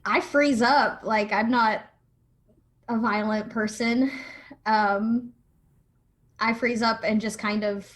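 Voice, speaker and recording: A woman's voice: on the high side, steady tone, slow, pauses often, a bit bright. A woman playing a tabletop horror game, describing her character's actions hesitantly with many fillers. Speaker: player.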